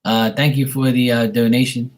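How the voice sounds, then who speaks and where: A man hosting a casual livestream, joking crudely and streetwise, then doing psychic readings for viewers, often trailing into hushed asides. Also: mid-range voice, flat delivery, moderate pace. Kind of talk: casual live-stream chat.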